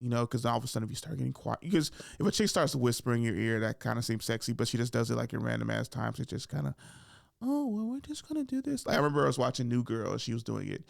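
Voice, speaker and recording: A man's voice: medium pitch, very fast, creaky, few pauses, dry recording, studio quality. A young man hosting a podcast in casual comedic chat, swearing freely and acting out voices. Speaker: podcast host.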